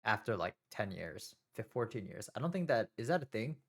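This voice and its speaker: A man's voice: fairly low pitch, sing-song, fairly quick. A young man streaming live, talking casually to himself and his viewers in a nervous, rambling, self-mocking way.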